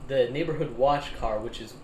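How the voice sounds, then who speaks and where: A young man casually telling a story to friends on a podcast, animated, laughing often and acting out the people in it. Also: mid-range voice, normal speed, crowd noise. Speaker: podcast host. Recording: echoey room with faint ambience.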